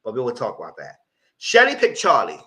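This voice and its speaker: A man's voice: wildly swooping pitch, a little fast, pushed and bright. A man giving a live recap of a reality TV show, talking in a sassy, blunt, slangy way. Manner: sassy, blunt, slangy, breaks into mocking high voices.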